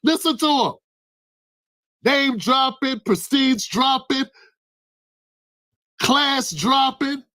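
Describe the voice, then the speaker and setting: A man's voice: very high voice, very slow, long pauses, sharp tone. Man ranting fervently on politics. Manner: fervent, repetitive rhetorical questions, addresses a listener by name. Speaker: channel host and political commentator. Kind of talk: impassioned political commentary rant.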